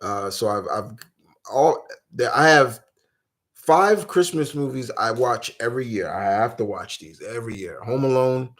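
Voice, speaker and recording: A man's voice: mid-range voice, lively intonation, a little slow, a bit bright. A man in his forties, hosting a live Q&A stream and rambling through casual chat full of fillers and restarts. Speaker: host.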